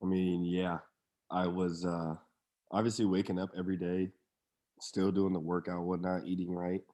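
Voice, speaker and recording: A man's voice: deep voice, little pitch movement, normal speed, mellow. A young man, a pro football player, telling his story in a laid-back, slangy way as a podcast guest. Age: young adult. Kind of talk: casual podcast interview.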